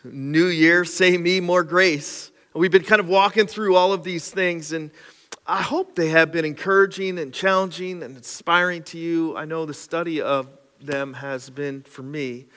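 A man's voice: a little high, fairly even intonation, a little slow, a bit bright. A man preaching a sermon to his congregation, conversational and self-deprecating, with casual asides. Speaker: pastor. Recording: live sermon with long hall reverb and faint music.

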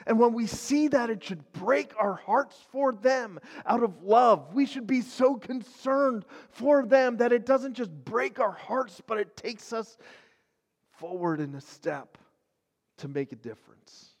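Earnest high-voiced man preaching casually. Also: animated, a little slow, in a large hall. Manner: conversational, earnest, many fillers and restarts. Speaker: pastor. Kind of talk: casual sermon video.

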